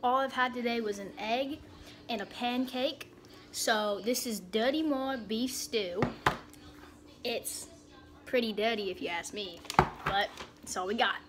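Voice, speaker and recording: A young woman vlogging in a deliberately bad put-on Australian accent, joking and swearing freely. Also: a little high, very noisy. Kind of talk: casual vlog chat.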